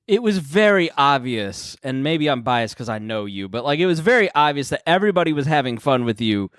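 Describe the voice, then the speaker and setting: A man's voice: mid-range voice, very animated, brisk, fairly bright tone, clear, resonant tone, no room sound, clean studio sound. A man co-hosting a comedy podcast, giggly and rambling in casual chat. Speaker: podcast co-host.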